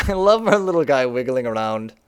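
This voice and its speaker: A man's voice: mid-range voice, very animated, moderate pace, clear, resonant tone. A young man casually walking through his own game on a live stream, chatty and laughing often.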